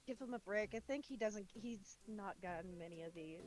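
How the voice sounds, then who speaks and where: A woman's voice: medium pitch, normal speed. A woman playing a tabletop game, hesitantly declaring her character's actions. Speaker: player.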